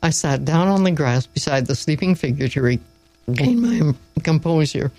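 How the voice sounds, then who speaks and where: A woman reading a story aloud in a measured, wry storytelling manner. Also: deep voice, animated, mellow, faint music behind, low-quality recording.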